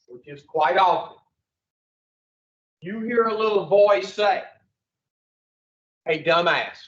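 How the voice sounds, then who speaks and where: A man leading an addiction recovery class, blunt and profane, quizzing the group in front of him. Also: high voice. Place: room with a group. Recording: roomy, distant, dull lo-fi.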